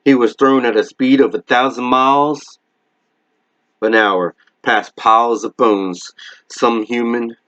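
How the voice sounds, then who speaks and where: A man reading a novel aloud in a steady, measured way, in a dull lo-fi recording. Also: medium pitch, no echo. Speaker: reader.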